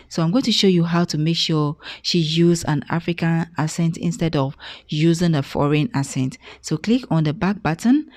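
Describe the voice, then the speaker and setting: A woman hosting a software tutorial, explaining each step in an instructive way. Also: fairly low pitch, no echo. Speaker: tutorial host. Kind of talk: screen-recorded software tutorial.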